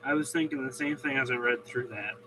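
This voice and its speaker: A man's voice: mid-range voice, a little fast, a little hiss or hum, poor audio. A man joining a casual Bible discussion, chiming in with amused comments and frequent laughter. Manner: laughs often, chimes in with lively comments.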